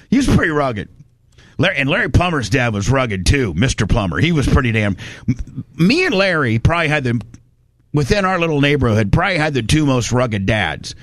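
A man's voice: mid-range voice, lively intonation, fairly quick, a bit bright, no room sound. A man from Indiana, telling a long rambling story in casual chat and acting out the voices of the people in it. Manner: rambling, folksy, acts out quoted voices. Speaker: podcast host telling a story.

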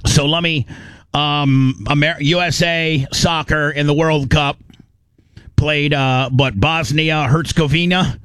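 A man co-hosts a radio talk show, rambling through jokes and trailing restarts. His voice sits a little high. The studio sound is close and dry. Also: steady tone, takes it slowly, fairly bright tone, clear, resonant tone, no room sound. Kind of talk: casual studio banter.

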